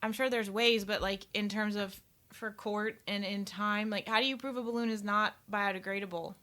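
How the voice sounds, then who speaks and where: A woman's voice: mid-range voice, fairly even intonation, moderate pace, sharp tone. A woman co-hosting a casual political podcast, dry and joking in her remarks. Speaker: podcast co-host.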